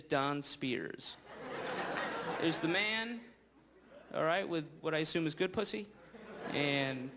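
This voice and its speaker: American comic doing a live set, rambly and sarcastic, noisy club, lots of laughs. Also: male voice, a little high. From United States. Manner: sardonic, rambling asides, "you know?". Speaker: stand-up comedian. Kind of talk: stand-up comedy set. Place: comedy club stage. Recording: live club, loud audience laughter and noise.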